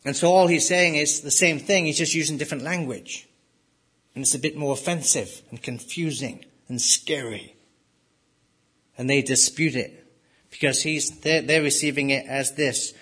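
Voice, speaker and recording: Male pastor, husky and a touch high, emphatic sermon delivery. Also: normal speed, fairly bright tone. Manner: emphatic, rises and drops sharply for stress.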